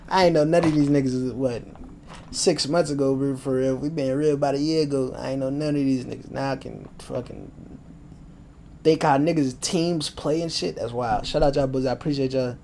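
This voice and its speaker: Slangy and self-aware about his wandering, a young man from the United States rambles through sports predictions as a casual vlogger at home. His voice is medium-pitched, mellow, and a little fast, over a bit of hiss or hum.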